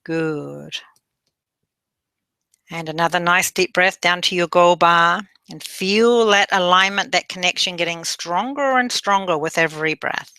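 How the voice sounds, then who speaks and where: A woman leading a guided meditation, giving gentle breathing instructions and having listeners repeat affirmations after her. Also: fairly low pitch, measured pace, smooth.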